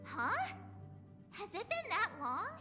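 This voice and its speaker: A woman's voice: very high voice, huge pitch swings, slow, heavily acted. A woman voicing a cheerful, chatty young female crew member in a game. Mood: upbeat. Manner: bright, chatty, upbeat. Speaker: game character. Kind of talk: game voice acting. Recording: reverby game audio with music.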